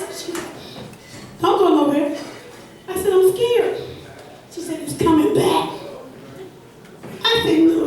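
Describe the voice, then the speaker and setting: A woman doing stand-up at an open mic, telling stories loosely with spooky sound effects and her own laughter. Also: extremely high pitch. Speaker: stand-up comic. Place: comedy club stage. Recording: echoey club recording from far off. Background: audience laughter.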